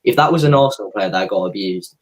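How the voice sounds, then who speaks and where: A man's voice: lowish voice, animated, quick pace. A man in a casual football chat, earnest and rambling with many fillers.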